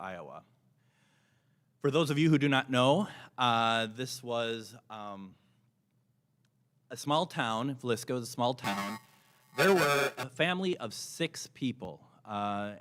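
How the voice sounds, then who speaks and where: At a convention panel, a paranormal investigator chats casually and enthusiastically with a live audience, frequently starting his sentences over. His voice is medium-pitched with a fairly bright tone. The room recording, captured on a microphone set in front of him, is noisy and has clicks.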